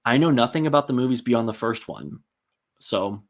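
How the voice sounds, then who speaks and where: A man's voice: medium pitch, expressive, normal speed. A man hosting a casual live-stream, rambling and chatty with many ums and likes as he reads out and answers viewer comments.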